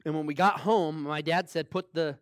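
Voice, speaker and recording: Man preaching, conversational and repetitive, fairly high voice, dry close sound. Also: normal speed, no echo. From small town. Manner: conversational, laughs often, repeats phrases for emphasis. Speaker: pastor. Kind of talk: sermon with personal story.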